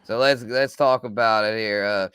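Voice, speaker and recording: A man's voice: lowish voice, fairly even intonation, moderate pace, fairly bright tone, clean tone, no room sound. A man hosting a casual sports podcast, laid-back and thinking aloud with frequent restarts. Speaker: podcast host.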